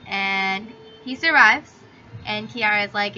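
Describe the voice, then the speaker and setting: Bright-voiced chatty young woman vlogger. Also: medium pitch, slow. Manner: chatty, filler-heavy, swears freely. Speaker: book reviewer. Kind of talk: casual book review vlog. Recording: slightly dull audio with faint hiss.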